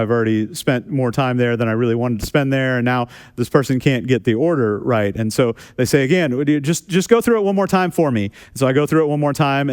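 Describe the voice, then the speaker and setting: A man's voice: medium pitch, darkish tone, clear, resonant tone. A man preaching a sermon as a pastor, talking casually with self-deprecating humor and repeating phrases for emphasis. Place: church sanctuary.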